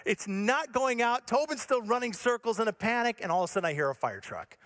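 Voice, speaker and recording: A male pastor telling a story in a sermon, animated and self-mocking, acting out his own panic. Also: very high-pitched, brisk, few pauses. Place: church stage.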